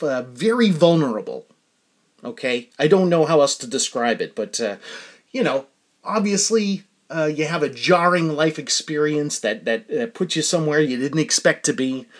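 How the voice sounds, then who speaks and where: Male podcast host, middle-aged, open and rambling delivery, very lively pitch. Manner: candid, rambling with many fillers and restarts. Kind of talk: casual personal monologue.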